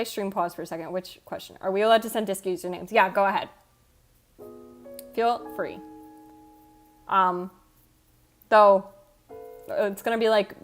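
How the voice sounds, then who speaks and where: A woman livestreamer chatting casually with viewers, rambling, cutting herself off and swearing offhand. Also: mid-range voice. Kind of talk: casual chat reading out viewer comments. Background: faint background music.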